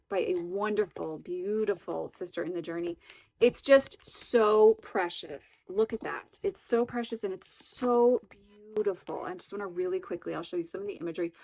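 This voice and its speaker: A woman's voice: mid-range voice, creaky, poor audio. A woman hosting a casual vlog, gushing with enthusiasm as she shows off tarot decks and candles, stretching out words for emphasis. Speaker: tarot reader and channel host. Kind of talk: casual show-and-tell vlog.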